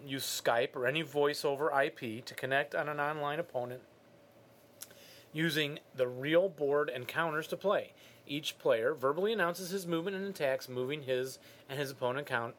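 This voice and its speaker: A man's voice: medium pitch, a bit bright. A man co-hosting a podcast, reading listener mail in a casual chat with dry, teasing humor. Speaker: podcast co-host.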